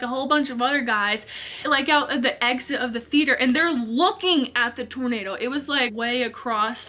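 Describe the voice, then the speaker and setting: A woman vlogger telling a story in a casual, animated way, with lots of filler words and swearing. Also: high-pitched. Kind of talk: storytime vlog, casual retelling.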